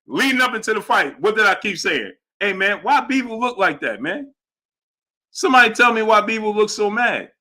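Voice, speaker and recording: A young man hosts a live boxing stream, talking emphatically and repeating lines for effect. His voice sits a little high and sounds bright and forceful. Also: big pitch swings, normal speed. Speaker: boxing livestream host. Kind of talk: live stream chat, reading Super Chats.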